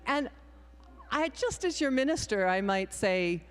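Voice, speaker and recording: A woman's voice: medium pitch, big pitch swings, moderate pace. A woman minister leading a playful children's time in a worship service, improvising and encouraging the young people. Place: church sanctuary. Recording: long hall reverb in a sanctuary.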